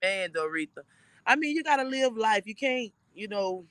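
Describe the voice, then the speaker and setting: A man co-hosting a casual chat show, blunt and quick to laugh as he talks back. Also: high-pitched, sing-song, a bit bright, no echo. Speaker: talk show co-host. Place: in Florida.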